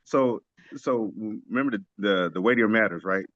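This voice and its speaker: A man's voice: lowish voice, moderate pace, fairly bright tone, no room sound, muffled recording. A man leading a casual religious study discussion, making his points emphatically and asking rhetorical questions. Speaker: teacher of a religious study group.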